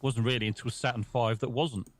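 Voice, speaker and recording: A man with an ordinary mid-range voice chats casually on a live stream. He is chatty and quick to laugh. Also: mid-range voice, steady tone. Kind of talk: casual chat.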